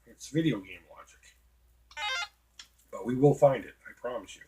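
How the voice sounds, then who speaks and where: A middle-aged man from Boston with a Boston accent hosts retro gaming, telling a long profane story full of fillers and asides while playing an old video game as casual commentary. His voice is medium-pitched and dark-toned, and he speaks in an animated way at a normal speed.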